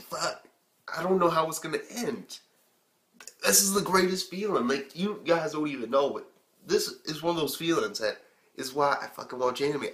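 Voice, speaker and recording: A young man reviewing an anime episode on his own channel, talking in an excitable, rambling way and swearing often. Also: a little high, echoey room. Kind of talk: casual video review.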